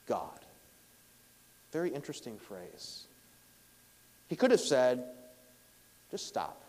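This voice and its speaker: A man preaching a sermon, with emphatic swings between loud stressed phrases and hushed, quiet lines. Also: medium pitch, big pitch swings, takes it slowly, long pauses. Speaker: pastor. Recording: long hall reverb.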